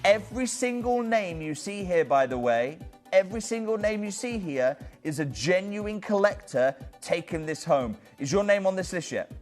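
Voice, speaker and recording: A man's voice: high voice, expressive, moderate pace, soft background music. Urgent shopping channel salesman. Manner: urgent, persuasive, addresses viewers by name. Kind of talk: fast live sales pitch. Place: TV studio.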